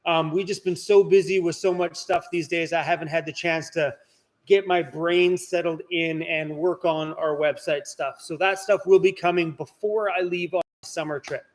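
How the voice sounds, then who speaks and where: A man's voice: fairly high pitch, fairly even intonation, moderate pace. A man hosting a casual live stream from inside his workshop, chatting and answering viewer comments. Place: indoor workshop.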